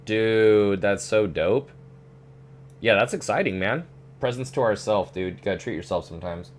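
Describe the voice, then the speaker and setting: A man's voice: on the low side, normal speed, slight background noise. A young man streaming a flight sim, chatting casually and swearing now and then. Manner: relaxed, swears, says "dude" often. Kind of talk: casual chat.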